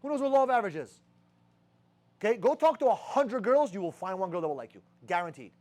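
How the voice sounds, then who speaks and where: A young adult man with a high, sing-song, darkish voice delivers a blunt, profanity-laden pep talk to a sales team at a quick pace. He keeps hitting them with rhetorical questions.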